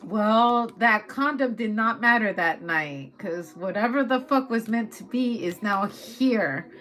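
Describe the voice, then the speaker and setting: A woman's voice: on the high side, unhurried, a bit bright. A woman giving a casual tarot reading, talking loosely with lots of swearing and laughter. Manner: loose, profane, chatty, laughs often. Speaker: tarot reader.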